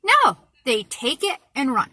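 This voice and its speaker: A woman's voice: sits high, huge pitch swings, a little slow, bright, forceful tone. A woman from the United States ranting in an indignant, exasperated monologue to her viewers, often repeating herself for emphasis. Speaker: vlogger.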